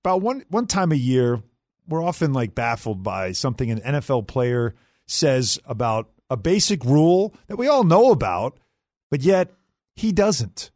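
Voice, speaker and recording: A man hosting a sports talk radio show, energetic and conversational, with his pitch swinging up and down as he talks. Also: normal speed, no room sound, studio quality.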